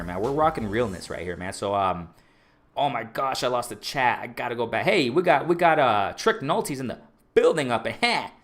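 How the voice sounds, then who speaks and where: A man hosting a casual boxing livestream, reading chat aloud and repeating himself with excitement. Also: mid-range voice. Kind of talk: casual live-stream commentary.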